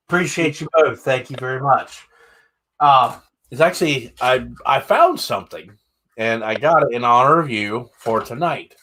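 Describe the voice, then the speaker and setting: A man's voice: medium pitch, fairly bright tone. A man hosting a casual interview, chiming in with short agreements and curious questions. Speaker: host.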